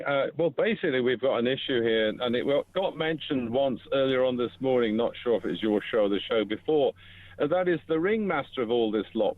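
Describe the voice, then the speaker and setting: A man's voice: mid-range voice, dry recording. A man calling in to a radio phone-in, talking in rambling runs with false starts. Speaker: radio caller. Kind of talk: phone-in call. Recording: tinny phone line.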